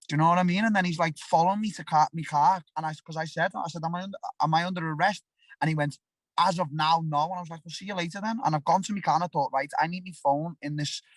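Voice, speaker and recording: A man's voice: a little high, dry recording. A young man with a Liverpool accent, a fighter talking bluntly and animatedly in an interview, often restarting his sentences. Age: young adult. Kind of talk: casual interview talk.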